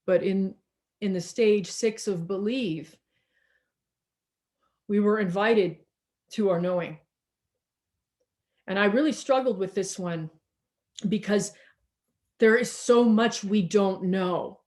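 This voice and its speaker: A woman's voice: mid-range voice, darkish tone. Reflective woman minister preaching over video call. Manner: slow, reflective, with many restarts and pauses. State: tired.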